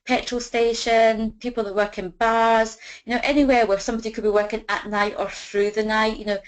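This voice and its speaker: A woman's voice: a little high, level tone, brisk, rough recording. A woman coaching sales conversation scripts, talking chattily and filling her speech with "you know". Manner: chatty, fills with "you know", acts out sample dialogue. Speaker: business trainer.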